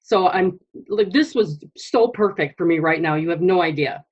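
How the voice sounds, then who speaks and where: A woman's voice: on the low side, normal speed, a little mellow, breathy edge, dull audio. A woman on a group video call speaking hesitantly and restarting her phrases. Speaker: call participant, new team member.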